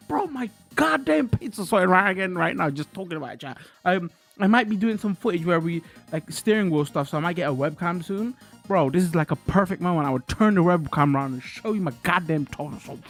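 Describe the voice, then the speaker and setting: A man's voice: sits high, expressive, fairly quick, fairly bright tone, soft background music. A man ranting animatedly to his livestream chat, swearing and restarting his sentences. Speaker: streamer.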